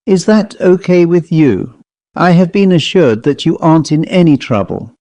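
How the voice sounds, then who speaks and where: A man's voice: fairly high pitch, lively intonation, moderate pace, dry recording, lightly acted. Man voicing a friendly hospital nurse. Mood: gentle. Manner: gentle, becoming formal.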